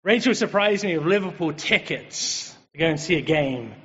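An English man giving a chatty, lively sermon as a preacher, joking with the congregation. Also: on the high side, moderate pace. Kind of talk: conversational sermon. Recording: dull, reverberant hall sound.

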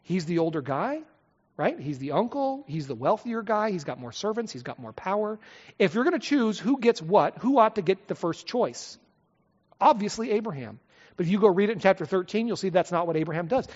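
Animated male preacher in an echoey hall. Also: high-pitched, a little fast. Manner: lively, conversational preaching with asides and rhetorical questions. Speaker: pastor. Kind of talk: expository sermon. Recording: echoey hall, slightly dull sound.

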